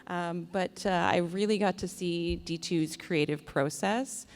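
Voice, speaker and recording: A woman's voice: fairly low pitch, unhurried, slight background noise. A woman on a convention panel telling a story in a playful, joking way. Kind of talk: panel discussion.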